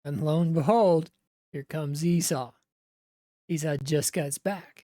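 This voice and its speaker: Woman, bible teacher, low voice, casual retelling of scripture, conversational asides, dry close sound. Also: takes it slowly, warm tone, dry recording.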